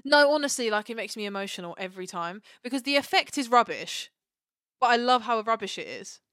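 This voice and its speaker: A woman co-hosting a podcast in casual chat, excitable and gushing, acting out quotes. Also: a little high, a little fast, dry recording, studio quality. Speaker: podcast co-host.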